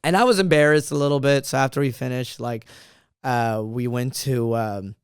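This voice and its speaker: A man's voice: medium pitch, moderate pace, smooth, no room sound, clean studio sound. A young man, a comedian, telling travel stories in a playful, casual way, laughing often. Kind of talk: casual storytelling.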